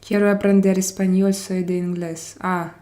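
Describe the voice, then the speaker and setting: This Russian woman's warm, mid-range voice shows little pitch movement as she hosts a casual live-stream chat. She greets viewers by name, switches among English, Spanish and French, and speaks in an unhurried, drawn-out way.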